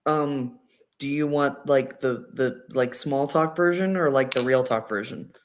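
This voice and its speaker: A man from Indiana talking as a guest on a casual livestream, halting and full of fillers. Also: medium pitch. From Indiana, USA. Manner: halting, lots of fillers and hedges. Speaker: guest on stream.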